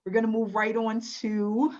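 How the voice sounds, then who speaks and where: A woman's voice: on the high side, flat delivery, normal speed, darkish tone, slight background noise. A woman hosting an online webinar, upbeat and encouraging with her audience. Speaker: webinar host. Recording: dull lo-fi webinar audio.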